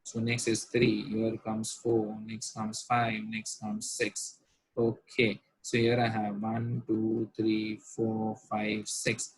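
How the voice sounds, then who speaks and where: In a poorly recorded whiteboard lecture with no echo, a man with a lowish, breathy, monotone voice teaches math slowly. He repeats himself a lot and keeps asking rhetorical questions to check whether students are following.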